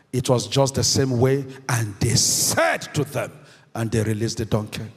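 With a husky, medium-pitched voice, a male pastor preaches emphatically, repeating key phrases and asking the congregation questions in call-and-response style. His sermon echoes through a hall with long reverb.

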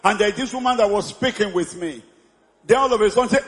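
Male preacher, 50s, high and exuberant, shouts and laughs through the sermon; reverberant church hall, congregation faint behind. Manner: exuberant, often shouting and laughing, drawn-out praise calls. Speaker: pastor. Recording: echoey hall with congregation noise.

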